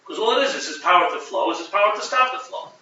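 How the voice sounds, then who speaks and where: A man teaching a Chassidic text class, explaining with animated restarts and Hebrew terms. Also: high-pitched, fast talker. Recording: muffled, echoey room, from a distance.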